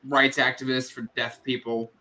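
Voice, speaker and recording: A man's voice: medium pitch, little pitch movement, normal speed, very noisy. A man from Maryland, chatting on a video call in a dry, offhand way about his family. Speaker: booktuber guest. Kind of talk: casual chat.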